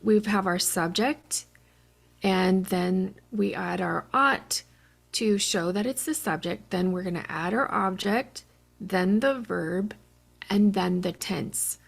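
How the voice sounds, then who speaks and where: Woman, language teacher, online lesson, patient, step-by-step, gravelly fry. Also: mid-range voice, slow.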